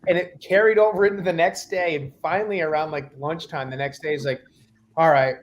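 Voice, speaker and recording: A man's voice: a little high, quick pace, highs cut off. A man casually remembering an old story with friends, unsure of some details and trailing off now and then. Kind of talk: casual reminiscing among friends.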